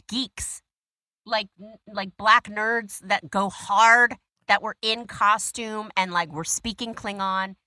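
A woman being interviewed, telling stories in an animated, gushing way with lots of "like". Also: mid-range voice, dry recording. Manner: animated, gushing storyteller, heavy use of "like". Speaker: interview guest. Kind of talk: casual conversation.

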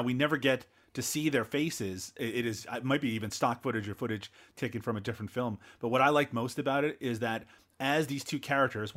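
A man's voice: medium pitch, a bit bright. A Canadian man hosting a casual movie review podcast, teasing his co-hosts and laughing often. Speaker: podcast host.

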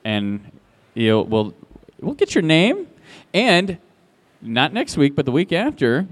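Male podcast host, live con stage, loose playful banter, very animated intonation, handheld mic. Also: a little high, takes it slowly. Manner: chatty, laughing, stumbling restarts. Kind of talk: playful live game hosting. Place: convention stage before a live audience.

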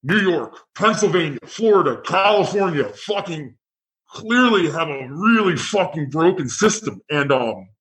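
A man with a somewhat high voice co-hosts a podcast in relaxed chat. He talks loosely, with many fillers and casual swearing. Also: unhurried, low-quality recording. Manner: loose, profane, filler-heavy.

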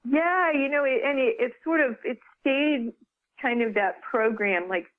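A woman's voice: high-pitched, a little slow. A woman, an author, retells a personal story in a loose, chatty interview voice. She restarts often and peppers it with "you know." Her voice comes through a thin, phone-like line. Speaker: author and guest.

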